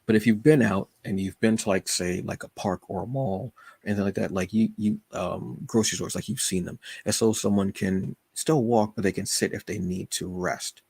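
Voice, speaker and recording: A man with a deep, gravelly, slightly husky voice tells a personal story on his podcast. He speaks in an emotional, confessional way, full of fillers and restarts, and the recording is dry and close. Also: darkish tone, dry recording. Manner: halting, with many fillers and restarts. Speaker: podcast host.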